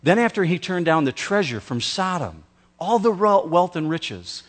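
A man preaching a sermon as pastor, slow and emphatic, with dramatic pauses. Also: high-pitched, very animated.

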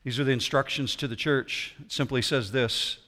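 A man preaching a sermon as pastor in a church auditorium, swinging between loud emphasis and quiet intensity. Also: medium pitch, steady tone, normal speed.

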